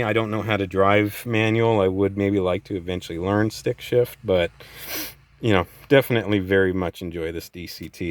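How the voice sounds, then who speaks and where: A man giving a casual walkaround review of his own car, relaxed and enthusiastic, often doubling words. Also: lowish voice, dry recording, rough recording. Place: outdoors beside a parked car.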